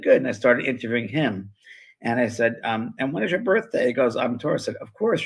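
Gravelly, husky older man, rambling storyteller. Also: mid-range voice, poor audio. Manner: rambling, with many fillers and restarts. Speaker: co-host, spiritual medium. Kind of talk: casual conversational storytelling.

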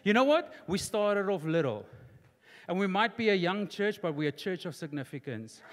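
A man, preaching a sermon as pastor in a large church auditorium, emphatic and repetitive, building to near-shouting. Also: high voice, expressive, normal speed. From South Africa. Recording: long hall reverb in church auditorium.

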